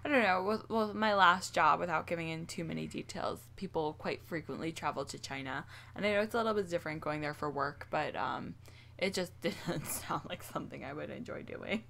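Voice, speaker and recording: A woman's voice: sits low, brisk, vocal fry, fairly bright tone, slight background noise. A young American woman co-hosting a casual Q&A chat with her husband, easygoing and often laughing at herself. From United States. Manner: laughing, easygoing, self-deprecating. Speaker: co-host, host's wife.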